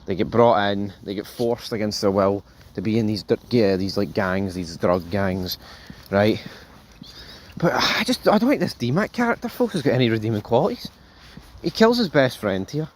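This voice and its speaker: A man hosting a casual TV review, rambling and animated, swearing freely and calling viewers folks. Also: fairly low pitch, normal speed, a little hiss or hum. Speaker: show host, TV reviewer.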